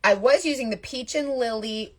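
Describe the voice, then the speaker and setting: A young woman, chatting casually to viewers on a live stream as a makeup seller, animated and answering their comments as she goes. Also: fairly high pitch, moderate pace.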